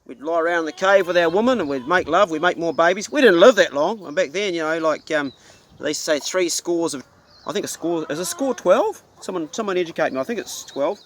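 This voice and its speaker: A man's voice: fairly high pitch, expressive, fairly quick, slight background noise. A middle-aged man with a New Zealand accent, a hunting vlogger ranting casually to camera in a blunt, profane, folksy way.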